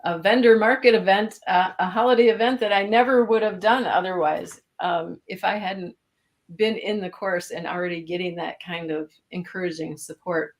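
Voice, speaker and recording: A woman's voice: fairly low pitch, moderate pace. Chatty woman with a Minnesota accent. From Minnesota, USA. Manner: chatty, laughs often. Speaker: interview guest, course alumna. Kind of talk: casual live-stream interview.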